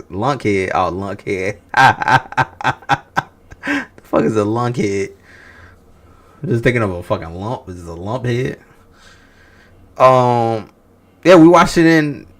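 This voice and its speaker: A man hosting a livestream, chatting casually with viewers, teasing them and swearing freely. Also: mid-range voice. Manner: profane, teasing, rhetorical banter. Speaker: livestream host reacting to movie news.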